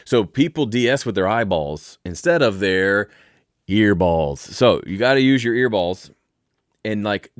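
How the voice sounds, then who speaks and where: A man's voice: fairly low pitch, dry recording. A man hosting a live question-and-answer stream from his home studio, explaining mixing in a playful, joking way. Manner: playful, jokey, explains with asides. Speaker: host.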